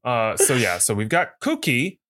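A man co-hosting a podcast, casually retelling a film scene in a rambling, animated way with lots of fillers. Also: medium pitch, unhurried. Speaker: podcast co-host. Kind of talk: casual chat about a film.

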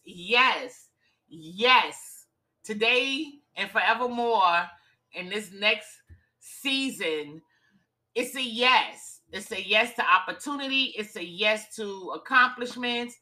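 A woman hosts a motivational talk, speaking slowly and deliberately. Her voice is bright and forward, and she smiles as she repeats encouraging phrases. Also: medium pitch, low-quality recording. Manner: upbeat, encouraging, repetitive call-and-response phrasing; smiling while speaking. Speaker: host and author.

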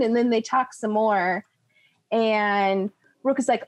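Young adult woman, tabletop player, chatty and laughing, doing quick voices in her recap. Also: high-pitched, darkish tone. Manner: giggly, rambling, slips into quick character voices. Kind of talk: casual recap of a tabletop game.

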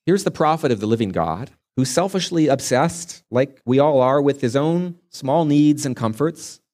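A man's voice: medium pitch, animated, normal speed, darkish tone. A man preaching a sermon as a pastor, retelling a scripture story earnestly and stretching key words for emphasis.

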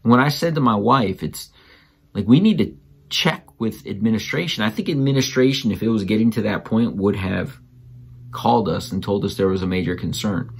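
Lively man, slightly low voice. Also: normal speed, vocal fry, breathy edge. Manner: animated, jumps up in pitch when quoting others; advice-giving, emphatic on key words. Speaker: father. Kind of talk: casual storytelling to camera.

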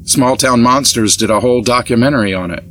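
A man's voice: medium pitch, a little fast, voice pushed up, lightly acted. A man doing a joking young bearded guy. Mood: easygoing. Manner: relaxed, joking delivery.

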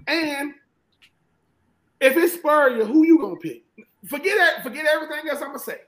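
A man from Georgia with a Southern American accent, a former college football player talking football as a guest in an animated, emphatic way and often repeating himself. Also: very high-pitched, normal speed, low-quality recording. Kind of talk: casual sports talk.

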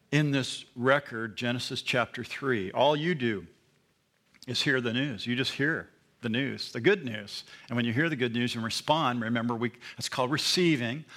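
Bright-voiced emphatic male pastor. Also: mid-range voice. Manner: emphatic, with call-and-response questions. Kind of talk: sermon. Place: church.

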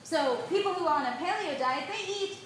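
A woman with a high voice gives an animated talk to a live audience, keeping them with her through a steady stream of "right?" and "you see that?". She sounds very roomy, with strong echo around her and faint noise underneath. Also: brisk. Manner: animated, checks in with frequent rhetorical "right?". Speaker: nutrition speaker. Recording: very echoey room, faint background noise.

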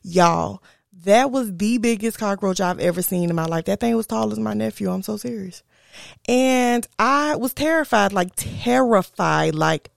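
Young woman podcast host, chatty storyteller, gravelly edge, dry close sound. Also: mid-range voice, dry recording. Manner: chatty, animated, addresses listeners as y'all. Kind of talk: casual storytelling.

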